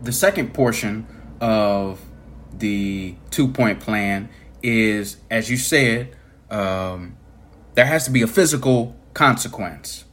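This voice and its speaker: A man interviewing a guest, asking measured, deliberate questions. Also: lowish voice, fairly bright tone.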